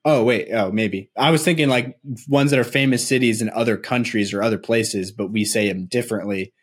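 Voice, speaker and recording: A man's voice: on the low side, fairly quick, breathy edge. A man from Nebraska co-hosting a casual basketball podcast, rambling along and laughing easily. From Nebraska, USA. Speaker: podcast co-host.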